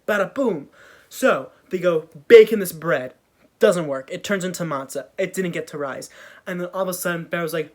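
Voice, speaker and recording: A man's voice: sits high, expressive, normal speed. A man casually retelling an old story in a jokey, slang-filled way with offhand asides.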